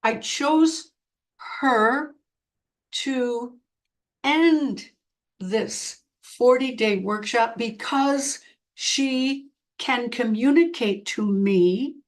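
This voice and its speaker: A woman speaking as a spiritual medium, delivering a channeled message in slow, earnest, halting phrases. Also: on the high side.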